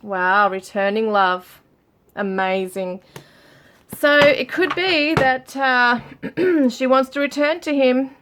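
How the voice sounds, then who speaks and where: A woman giving a relaxed tarot reading, musing aloud with frequent fillers as she reads out card messages. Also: sits high, slow pace, slight background noise. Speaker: tarot reader. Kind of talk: casual tarot reading for viewers.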